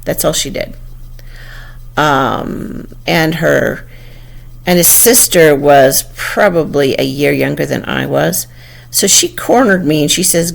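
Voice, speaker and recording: An older woman with a low, gravelly voice tells a personal memory conversationally, often restarting and quoting dialogue, as a storyteller sharing a personal story.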